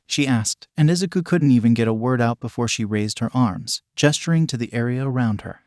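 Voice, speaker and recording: A synthetic male voice narrating a fan fiction story in a flat, mechanical reading that even spells out punctuation. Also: medium pitch, fairly quick, few pauses, no room sound, studio quality.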